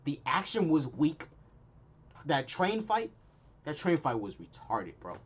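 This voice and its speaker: A man's voice: fairly high pitch, huge pitch swings, slow pace, slightly rough. A young man hosting his own channel, giving a heated, slangy movie review full of repeated punchlines. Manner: slangy, heated and emphatic, repeats lines for effect. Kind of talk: casual ranting review.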